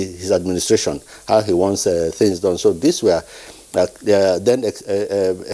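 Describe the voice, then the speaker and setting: A man speaking as a retired officer guest on a live news panel, formal and halting, with heavy fillers. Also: fairly low pitch, dark tone, rough recording. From Nigeria.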